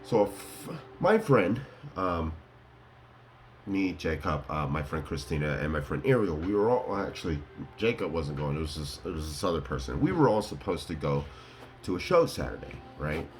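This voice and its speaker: A man's voice: very deep voice, very animated, normal speed, soft background music. A man casually telling his viewers a rambling story, laughing and full of fillers. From Colorado. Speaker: vlogger.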